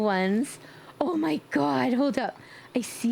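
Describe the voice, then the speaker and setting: A woman streamer chatting casually with her viewers in a playful way, now and then slipping into squeaky baby talk and screams. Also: slow, vocal fry, warm tone, a little hiss or hum. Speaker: livestreamer. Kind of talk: casual live-stream chat.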